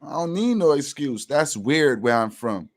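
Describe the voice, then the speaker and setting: A man's voice: a little high, lively intonation, a little slow, no room sound. Joking man in loose banter. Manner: loud joking, laughs at his own lines. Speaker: podcast co-host. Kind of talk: casual banter.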